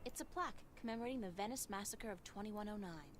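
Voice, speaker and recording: A woman's voice: mid-range voice, quick pace, background noise, natural voice. An actress voicing a wry young woman game heroine who narrates in a dry, sardonic way. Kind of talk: video game voice acting.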